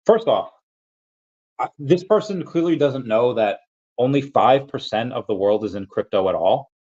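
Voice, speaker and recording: A man's voice: mid-range voice, expressive, moderate pace, a little mellow, highs cut off. A man hosting a casual livestream, rambling through his points and reading out viewer comments. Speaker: livestream host.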